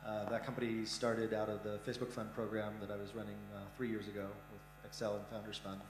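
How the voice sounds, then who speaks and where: Middle-aged man, investor on a conference stage, blunt and frank, lowish voice, full of "uh"s, echoey hall with hum. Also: little pitch movement, quick pace. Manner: blunt, frank, many "uh" fillers. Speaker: investor, startup fund founder. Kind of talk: conference interview answers.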